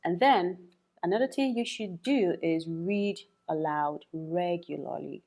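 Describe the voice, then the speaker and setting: A woman's voice: fairly low pitch, measured pace, darkish tone. A young adult woman teaching English in a chatty spoken lesson, repeating words for practice and laughing often.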